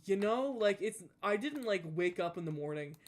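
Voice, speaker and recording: A young adult with a Southern US accent speaks expressively at medium pitch and a normal speed. A gaming YouTuber, they chat casually while playing a game, rambling with lots of restarts.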